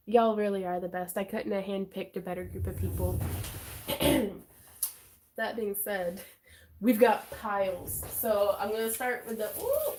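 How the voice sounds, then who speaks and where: A woman's voice: mid-range voice, measured pace. Bubbly woman livestream host. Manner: bubbly, excitable, chatty, giggly. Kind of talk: casual livestream chat.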